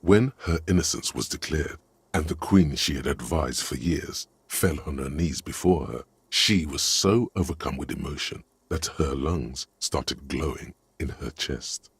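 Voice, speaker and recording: An actor playing a grave male storyteller, reading scripted game narration in a slow, measured way. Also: expressive, slightly rough, dry recording, heavily acted. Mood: solemn. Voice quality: very deep and measured.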